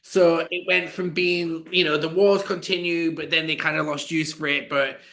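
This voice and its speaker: A man co-hosting a podcast, telling a story in a chatty, animated way with lots of fillers. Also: a little high, moderate pace. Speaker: podcast co-host. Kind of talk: casual storytelling chat.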